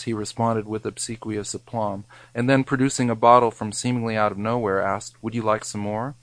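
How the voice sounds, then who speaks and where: A man's voice: fairly low pitch, no room sound, rough recording. A man reading a scripted, wry food memoir, his wording mock-grand. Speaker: narrator.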